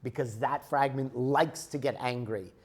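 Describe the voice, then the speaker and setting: A man's voice: mid-range voice, a little slow, darkish tone. A man lecturing a group on emotions, explaining with everyday examples and often checking in with "okay?". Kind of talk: spiritual teaching lecture.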